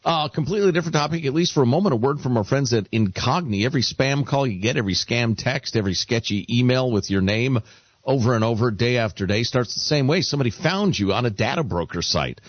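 A man co-hosting a radio talk show, sardonic and expressive, also reading ads. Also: mid-range voice, fast talker, no room sound, dull audio.

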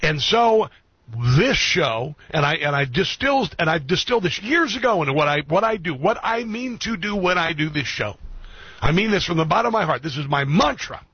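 A middle-aged man talks straight to his radio audience in an earnest monologue, leaning on repeated phrases. His voice sits a little high for a man and has a husky edge. The studio sound is dry and slightly dull. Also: big pitch swings, normal speed, no echo. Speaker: talk radio and streaming show host. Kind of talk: heartfelt monologue to listeners.

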